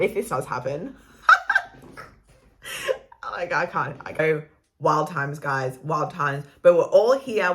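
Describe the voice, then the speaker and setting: A woman, chatting casually about astrology in a rambling, laughing style with the odd swear word. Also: lowish voice. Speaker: astrology vlogger. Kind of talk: casual spiritual vlog talk.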